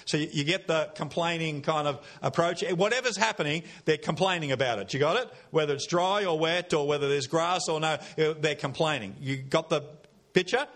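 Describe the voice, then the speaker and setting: A man's voice: on the high side, moderate pace, fairly bright tone. An Australian man preaching a sermon in a church, folksy and conversational, with repeated phrases and questions to the congregation.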